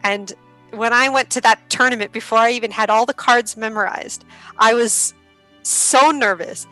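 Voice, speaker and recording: A woman guest on a podcast, chatting casually and animatedly, laughing often and filling her sentences with "like". Her voice is bright and clear, and sits a little high. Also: moderate pace, soft background music, rough recording. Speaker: podcast guest, karuta player.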